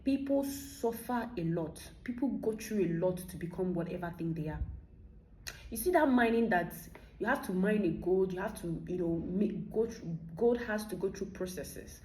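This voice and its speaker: A woman's voice: on the low side, lively intonation, moderate pace, a little mellow. Nigerian lady vlogging, punchy rhetorical questions, roomy echo, faint background hum. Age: 30s. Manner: emphatic, fires rhetorical questions. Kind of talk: motivational monologue. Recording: echoey room.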